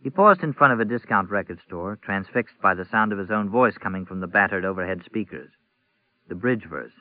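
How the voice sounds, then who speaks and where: A man narrating a novel in an even, measured reading. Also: lowish voice, dry recording. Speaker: audiobook narrator. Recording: tinny phone-like audio, dry.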